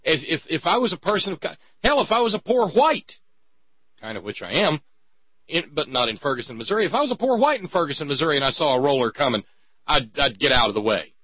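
A man's voice: on the high side, sing-song, fast talker, husky, dry recording, lo-fi sound. A man speaking emphatically in a heated conversation, often stammering as he restarts his sentences.

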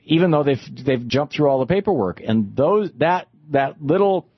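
A man's voice: on the high side, normal speed, breathy edge, dry recording. A man hosting a political talk radio show, talking in a casual, stammering way with many restarts. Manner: stammering, restarts, animated asides. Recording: slightly dull broadcast audio.

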